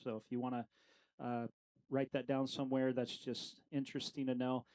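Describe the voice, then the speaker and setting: A man's voice: mid-range voice, little pitch movement, normal speed, darkish tone, low-quality recording. A middle-aged man leading a casual Bible study, talking conversationally with lots of fillers and questions to the group.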